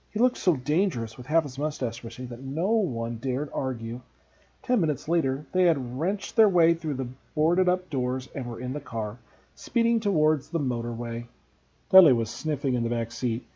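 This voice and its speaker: A man, a teacher, reading a novel aloud to students in a steady, expressive way. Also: medium pitch, normal speed, breathy edge, muffled recording.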